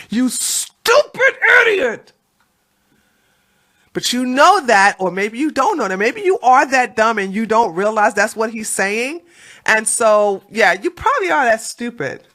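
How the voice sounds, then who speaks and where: Bright, taunting woman commentator. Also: a little high. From Washington, D.C. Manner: taunting, blunt and scornful. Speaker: commentary video host. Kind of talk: mocking political commentary.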